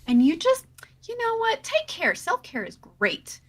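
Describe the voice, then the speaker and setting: A woman's voice: huge pitch swings, measured pace, crowd noise, heavily acted. A woman voicing an effusive, overly sweet therapist-like character in a singsong voice. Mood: gushing. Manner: singsong, effusive, high and bubbly.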